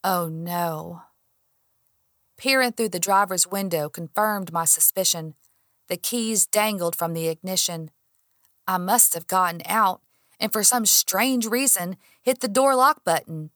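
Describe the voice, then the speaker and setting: A woman narrating a first-person audiobook, her voice sitting a little low for a woman. She is expressive and acts out her own heated lines with feeling, recorded close and dry with no room sound. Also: measured pace, no echo.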